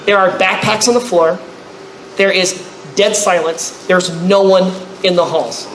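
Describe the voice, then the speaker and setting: A man tells a funny story to a crowd at a convention panel, his voice high and bright. He bursts into loud, shouted impressions of the people in his tale. The room around him is echoey, with faint hiss underneath. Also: measured pace. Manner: animated, acts out others with loud high-pitched outbursts. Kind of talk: comedic storytelling to a live audience.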